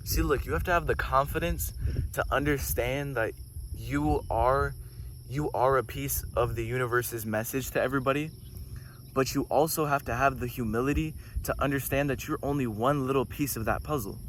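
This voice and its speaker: A man talking in a casual, preachy spiritual monologue, getting excited and swearing casually as he goes off on tangents. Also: mid-range voice, normal speed, a little hiss or hum. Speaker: host.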